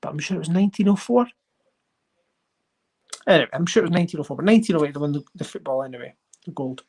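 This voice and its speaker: A host chatting casually on a livestream while sorting coins, rambling and getting excited over finds. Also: medium pitch, racing, husky. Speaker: coin collecting channel host.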